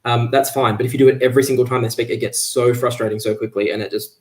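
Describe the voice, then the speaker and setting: A man's voice: mid-range voice, steady tone, quick pace, darkish tone. Chatty man, a guest on a video call. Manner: chatty, many fillers and restarts. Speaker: author guest. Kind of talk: casual livestream talk.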